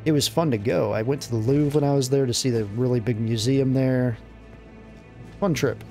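A man giving casual, excitable let's-play commentary, blurting out exclamations as he plays. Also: mid-range voice, moderate pace, soft background music. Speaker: gameplay commentator.

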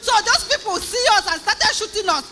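Woman, Nigerian accent, church testimony, high voice, bright tone, animated, repeats phrases. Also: brisk, soft background music. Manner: animated, repeats phrases, often cries out and laughs. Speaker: church member giving testimony. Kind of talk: emotional spoken testimony.

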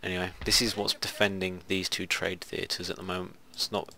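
A man's voice: low-pitched, flat delivery, brisk, creaky, bright, forceful tone, slight background noise. A man giving rambling, casual commentary while playing a strategy game. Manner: rambling, muttering asides to himself. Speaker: gaming video host. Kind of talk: casual let's play commentary.

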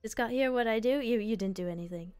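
A woman's voice: on the high side, fast talker, darkish tone, clear, resonant tone, soft background music. A woman streaming a video game, chatting casually and playfully with her viewers. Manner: playful, giggly, chats with viewers. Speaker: virtual streamer.

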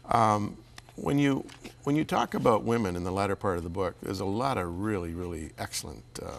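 A man hosting an interview, asking questions and sharing reflections in a measured way, sometimes dropping to a near whisper. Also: on the low side, vocal fry. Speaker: interview host. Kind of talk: interview conversation.

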